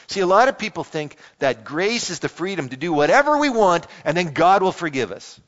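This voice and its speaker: A man preaching a sermon in a church, speaking in an earnest, conversational way and citing scripture quickly. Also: high-pitched, very animated, a bit bright. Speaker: pastor. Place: church sanctuary. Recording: muffled sound in a reverberant hall.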